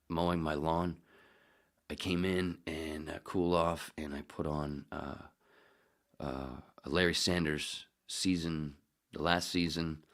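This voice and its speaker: A man hosting a casual solo podcast, rambling and swearing freely, muttering asides to himself. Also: a bass voice. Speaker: podcast host.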